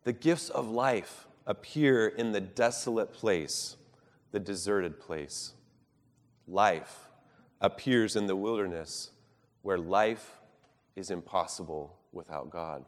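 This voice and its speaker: A man delivers a sermon in a fairly low voice, earnest and measured. He lifts his voice to stress key words and lets it fall quiet at the close of each thought. His words ring out with the long reverb of a large hall. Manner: earnest, measured preaching with emphatic rises and soft drops. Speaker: preacher.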